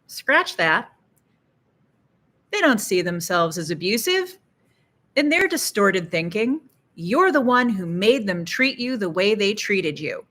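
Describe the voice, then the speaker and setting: Slow, bright-toned woman with sardonic asides. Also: mid-range voice. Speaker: psychologist and channel host. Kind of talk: educational talk to camera.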